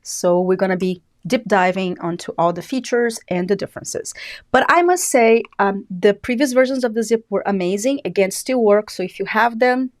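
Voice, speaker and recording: A woman's voice: mid-range voice, normal speed. A woman with a Brazilian accent hosting a live beauty product review, chatty and enthusiastic. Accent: Brazilian Portuguese. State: a little out of breath. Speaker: beauty channel host.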